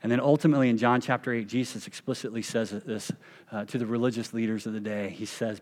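A man pastor delivering a sermon with a mid-range voice. He leans hard on key phrases, stretching them out and dropping them to near a hush. The sound carries the long reverb of a church sanctuary. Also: medium pitch, steady tone. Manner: emphatic, slows and drops to a hush on key phrases.

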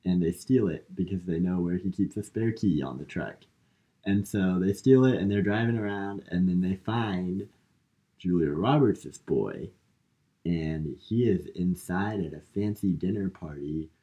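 Male podcast co-host, deep-ish and unhurried, loose filler-heavy recap. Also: mellow. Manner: rambling, filler-heavy retelling with lots of "like" and "um". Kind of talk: casual movie recap chat.

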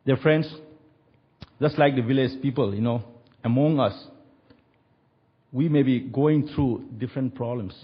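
A man's voice: medium pitch, a little slow, pauses often, husky, dull audio. A man preaching a sermon and telling a story, acting out the quoted voices with animation.

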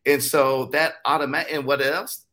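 Bright-voiced man explaining health facts. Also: medium pitch, little pitch movement, normal speed. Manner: explanatory, many "you know" fillers. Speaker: podcast guest. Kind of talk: casual podcast conversation.

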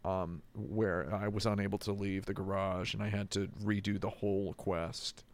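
Man, low pitch, casual gaming chat, rambling, acts out quotes. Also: level tone, moderate pace. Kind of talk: casual chat about a video game.

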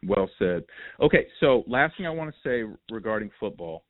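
A man hosting a podcast, telling stories in a lively, animated, casual way. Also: fairly low pitch, moderate pace, no room sound. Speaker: podcast host. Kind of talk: casual storytelling chat. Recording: tinny phone line, dry.

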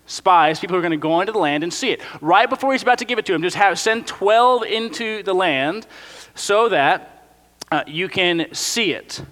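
Bright-voiced young preacher, casual and animated. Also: male voice, high voice, normal speed. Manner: casual, animated storytelling with frequent "like". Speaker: pastor. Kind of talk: sermon. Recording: long hall reverb.

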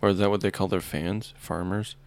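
A man's voice: low-pitched, fairly even intonation, brisk. A man co-hosting a casual comedy podcast, trading jokes and silly wordplay. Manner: joking, reads news in a put-on accent. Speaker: podcast co-host.

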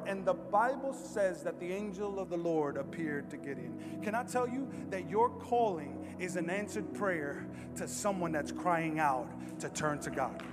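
Male preacher, high voice, emphatic and animated, long church reverb, music underneath. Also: moderate pace, few pauses. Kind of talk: sermon.

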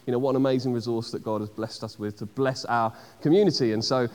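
A man's voice: medium pitch, fairly even intonation, quick pace, a little mellow. A man leading a church service, introducing the next speaker with enthusiasm and plenty of filler words. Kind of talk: church announcement. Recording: long hall reverb.

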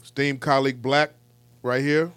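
A man's voice: mid-range voice, little pitch movement, moderate pace, fairly bright tone, clear, resonant tone, no echo. A man hosting a casual podcast, blunt and opinionated, swearing freely as he talks. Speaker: podcast host.

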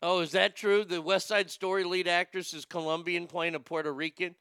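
A man's voice: high voice, level tone, moderate pace, bright, forceful tone, clear, resonant tone, dry recording, studio quality. A man ranting casually about movies, profane and rambling, reading out viewer comments as he goes.

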